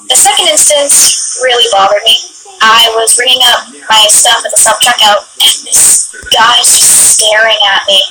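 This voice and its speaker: A young woman telling a personal story in an animated, sassy way. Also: a little high, rough recording. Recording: music playing underneath. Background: clear background music.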